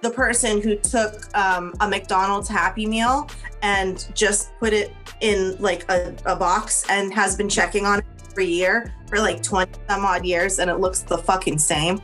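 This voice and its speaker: A woman's voice: medium pitch, fairly even intonation, normal speed, fairly bright tone, soft background music. A young woman co-hosting a podcast, talking animatedly and swearing freely in casual chat. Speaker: podcast co-host.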